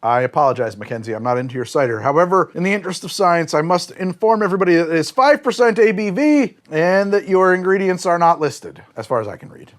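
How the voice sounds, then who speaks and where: A man's voice: sits high, lively intonation, quick pace, hardly any pauses. A man hosting a comedic cider tasting review, sarcastic and scolding the drinks directly as if they could hear him. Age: adult, says he is not that old. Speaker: drinks show host.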